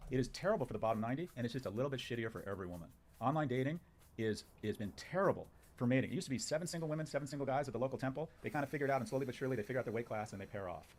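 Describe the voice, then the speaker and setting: A man's voice: medium pitch, darkish tone. A man talks at a breakneck pace, firing off short, punchy statements as a guest on a talk show. His delivery is emphatic and opinionated. Faint background noise runs beneath his voice. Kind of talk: opinionated conversation.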